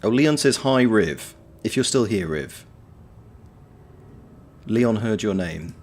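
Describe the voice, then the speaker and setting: A man's voice: medium pitch, darkish tone. A man chatting casually on a game livestream, reading out his chat with wry, playful banter. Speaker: game streamer.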